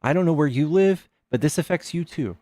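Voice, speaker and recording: A man's voice: a little high, lively intonation, fairly quick, dark tone, dry recording. A man hosting a live debate stream, arguing hard, swearing and firing off rhetorical questions. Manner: argumentative, profane, fires rhetorical questions.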